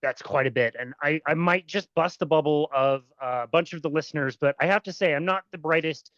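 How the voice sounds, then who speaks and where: A podcast host who jokes at their own expense and gets animated while reacting. The sound is dull and lo-fi. The room is dry and close. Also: medium pitch, brisk, no room sound. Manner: self-deprecating, animated. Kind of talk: podcast interview.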